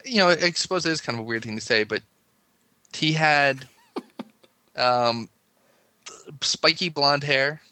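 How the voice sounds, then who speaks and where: Chatty podcast host man, bright voice. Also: medium pitch, dry recording. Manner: chatty, rambling, laughs often. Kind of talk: casual chat.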